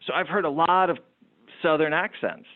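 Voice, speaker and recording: A man who runs a business, telling lively anecdotes as a guest in an interview. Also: fairly high pitch, normal speed. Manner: animated anecdotal storyteller. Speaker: entrepreneur guest. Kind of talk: storytelling interview talk. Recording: tinny phone-like line.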